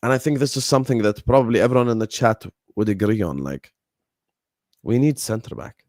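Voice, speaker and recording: A young man hosting a football fan live stream, talking casually, animated and repetitive as he rants at his chat. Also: mid-range voice, fairly quick, dry recording, studio quality. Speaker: football fan show host.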